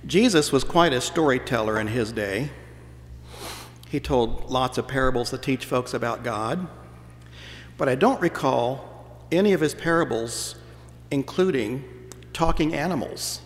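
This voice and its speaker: A man's voice: medium pitch, lively intonation, a little slow, long pauses. Folksy male pastor in a reverberant church. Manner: folksy storytelling with playful voices. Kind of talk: sermon. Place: church sanctuary.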